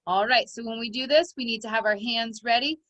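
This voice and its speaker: A woman's voice: a little high, brisk, a bit bright, no room sound, low-quality recording. A woman teaching a recorded phonics lesson to children, giving encouraging step-by-step instructions.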